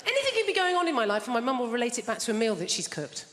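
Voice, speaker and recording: A woman's voice: fairly high pitch, big pitch swings, very fast, long reverb tail, a faint crowd, slight background noise. Dry-witted woman doing stand-up. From England. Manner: dry, self-deprecating, hesitant fillers. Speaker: stand-up comedian. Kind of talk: stand-up routine. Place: large theatre stage. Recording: live theatre with a loud audience.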